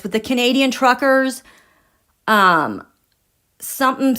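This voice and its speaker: A woman hosting a live tarot and astrology stream, gushing with excitement, sometimes dropping to a breathy whisper and chatting with her viewers. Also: a little high. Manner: checks in with viewers and reads their comments. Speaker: tarot and astrology livestream host.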